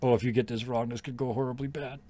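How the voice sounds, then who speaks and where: A man narrating and running a tabletop role-playing game as game master, telling the story in a relaxed way with fillers and laughter. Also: medium pitch, quick pace.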